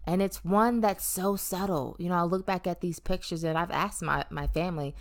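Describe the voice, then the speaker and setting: Here a vlogger talks through her weight-loss story in a low, steady voice at a moderate pace, barely pausing. She's open and musing, with lots of um fillers and a playful touch of emphasis.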